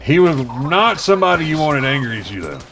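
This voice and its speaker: A man's voice: a little high, big pitch swings, brisk. A man telling a profane story casually while streaming a game, acting out the voices of the people he quotes. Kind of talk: casual storytelling over gameplay. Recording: loud background music.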